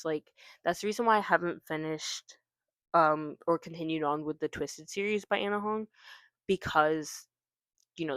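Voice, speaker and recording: A woman's voice: deep voice, no echo. A woman chatting casually about her reading list, rambling and correcting herself with lots of fillers. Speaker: booktuber. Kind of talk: casual chat about books.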